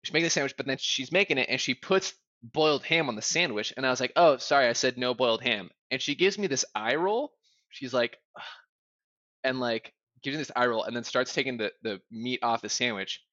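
A young man tells a heated story in loose, casual chat, with many "like" fillers and plenty of swearing. His voice is bright and forceful. The recording is dry and a little muffled. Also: medium pitch, a little fast, no echo. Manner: animated, swears a lot, fillers like "like", bursts into loud yelling when reenacting.

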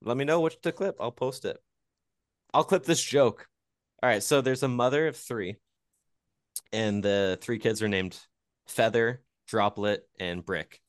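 A man's voice: mid-range voice, a little slow, pauses often, no echo. A young man co-hosting a podcast, cutting in with dry teasing quips in casual chat. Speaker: podcast co-host.

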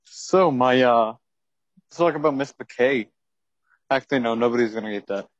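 Teenage male co-host, deadpan and crude; dull, muffled phone-call sound. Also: mid-range voice, normal speed, no echo. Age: teens. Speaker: podcast co-host. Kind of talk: casual chat.

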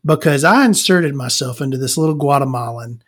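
A man's voice: mid-range voice, fairly quick, fairly bright tone, husky. A man hosting a podcast, telling crude stories in a rambling casual monologue and calling himself Victoria. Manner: frequent fillers and self-restarts. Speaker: podcast host.

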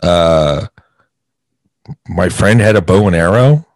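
A man's voice: low voice, takes it slowly, dry recording. A man chatting on a comedy show, emphatic and full of swearing. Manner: profane, emphatic. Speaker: podcast co-host. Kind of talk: casual chat.

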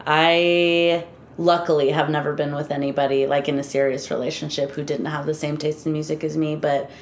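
A woman with a low voice co-hosts a casual podcast and speaks candidly. The room is echoey, with faint noise behind her. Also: flat delivery, a little fast. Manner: candid, laughs often. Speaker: podcast co-host. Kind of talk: casual chat. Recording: roomy echo, faint background noise.

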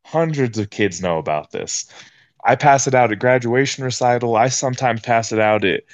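A man's voice: medium pitch, normal speed, no echo. Young male podcast guest, casual slangy storyteller, dry sound.

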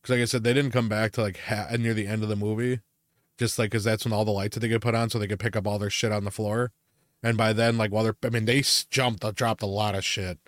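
A man's voice: on the low side, level tone, fast talker, no echo. Foul-mouthed man ranting through stories. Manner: ranting storyteller, heavy swearing and fillers. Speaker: podcast co-host. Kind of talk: casual chat.

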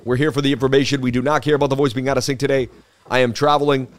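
A man's voice: medium pitch, level tone, rapid-fire, no echo. Chatty man hosting a crypto stream. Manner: chatty, sports-presenter delivery. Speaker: crypto live-stream host. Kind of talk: casual live-stream market analysis. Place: traveling.

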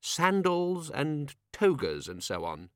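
Man putting on a high fussy old bookworm wizard, hesitant and pedantic, slowed right down. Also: wildly swooping pitch, clear, resonant tone, dry recording, clean studio sound, full character voice. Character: fussy older male scholar wizard, pedantic.

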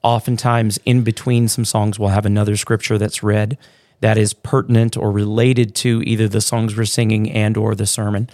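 A man who is a pastor, co-hosting a church podcast in relaxed, joking chat with many fillers and restarts. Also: lowish voice, normal speed, no room sound, clean studio sound. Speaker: pastor, co-host.

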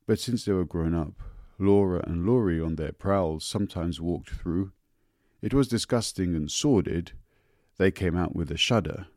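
A man reading a story aloud in a measured, deliberate way. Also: deep voice, creaky, darkish tone, no room sound, studio quality. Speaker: narrator. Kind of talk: audiobook narration.

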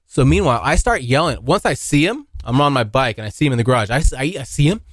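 A man's voice: mid-range voice, fast talker, no echo, studio quality. A young man from Washington State hosting his own podcast, telling a rambling, profane story in a casual solo chat. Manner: rambling, profane, animated when acting out scenes. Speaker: podcast host.

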